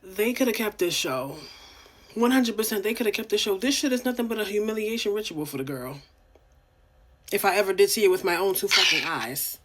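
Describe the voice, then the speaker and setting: A woman's voice: medium pitch, animated, fairly quick. A young woman from New York City co-hosting a podcast, ranting bluntly and profanely in casual reality-TV commentary. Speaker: podcast co-host.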